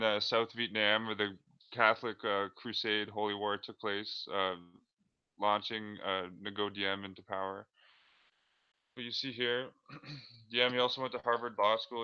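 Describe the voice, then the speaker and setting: A man talks through on-screen material in a halting, filler-heavy way. His voice is low and flat, with a smooth tone. The recording sounds dull and lo-fi. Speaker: video creator. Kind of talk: casual screen-share commentary.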